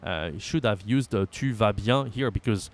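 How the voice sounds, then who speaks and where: A man's voice: lowish voice, moderate pace. A man with a French accent teaching French in an online lesson, repeating phrases aloud and explaining them with many fillers.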